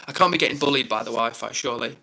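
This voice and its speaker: A man's voice: mid-range voice, racing, vocal fry, bright, forceful tone, low-quality recording. A man from England hosting a casual live stream, rambling upbeat through viewer comments with lots of fillers.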